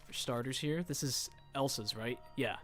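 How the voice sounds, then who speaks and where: A man's voice: mid-range voice, normal speed, a bit bright, faint music behind. A man casually commenting while streaming a game, joking and reading in-game notes aloud.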